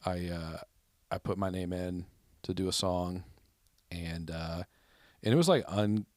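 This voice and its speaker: Podcast host, American man, low-pitched, anecdote teller, close dry mic. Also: a little slow, dry recording. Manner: rambling anecdotes with loud, high-pitched quoted outbursts. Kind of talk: casual chat, storytelling.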